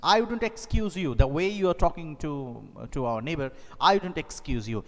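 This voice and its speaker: A man reading the lines of a sharp, bossy middle-aged wife in a raised, emphatic voice. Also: a little high, animated, moderate pace, pitched above the performer's own voice. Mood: lecturing. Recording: echoey hall, faint noise.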